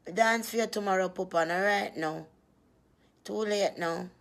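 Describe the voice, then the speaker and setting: A woman's voice: mid-range voice, moderate pace. A woman chatting casually with her viewers, teasing and laughing often.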